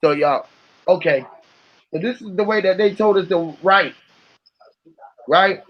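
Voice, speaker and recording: A man's voice: high-pitched, measured pace, muffled recording. A man talking casually to camera in a profane, musing, freewheeling way. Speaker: vlogger. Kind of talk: casual rambling talk to camera.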